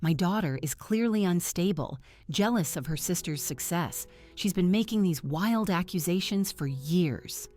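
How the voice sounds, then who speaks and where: A woman's voice: lowish voice, lively intonation, measured pace, hardly any pauses, darkish tone, soft background music. A woman voicing a wealthy middle-aged father who bellows and then turns coldly reasonable. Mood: outraged.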